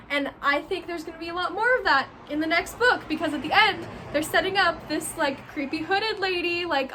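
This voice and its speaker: Brief: high-voiced young woman, book vlogger, bright and gushing, faint room hiss. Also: normal speed. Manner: gushing, animated, full of "like". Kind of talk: casual book review chat.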